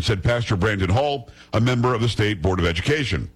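Male radio host, husky, combative, scornful, opinionated monologue. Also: on the low side, lively intonation, a little fast, hardly any pauses, poor audio.

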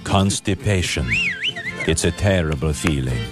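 A man voicing a deep male announcer in a spoof commercial, reading slowly and solemnly. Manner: slow, solemn ad read. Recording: ad clip with loud music.

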